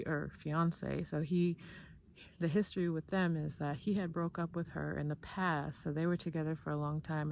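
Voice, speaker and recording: A woman's voice: deep voice, gravelly, a little mellow, slight background noise. A woman talking candidly in a casual commentary vlog, chatty and full of fillers, with the occasional swear. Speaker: vlogger.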